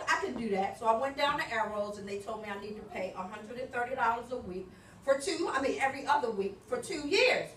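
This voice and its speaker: A woman telling her testimony in church, a lively storyteller who acts out both sides of conversations. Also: on the high side, slight background noise. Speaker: church member giving a testimony. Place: church hall. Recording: echoey hall, picked up from far off.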